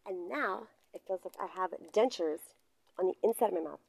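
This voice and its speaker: A woman's voice: medium pitch, fairly quick, vocal fry, a little mellow, husky, no room sound, low-quality recording. A woman co-hosting a casual podcast in a laundromat, playful and giggly. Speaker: co-host.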